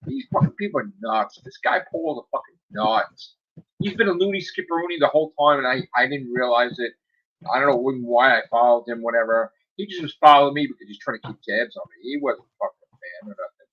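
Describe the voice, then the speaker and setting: A man's voice: mid-range voice, lively intonation, fairly quick. A man ranting heatedly and profanely in a casual podcast chat. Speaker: podcast co-host. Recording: dull lo-fi audio with noise.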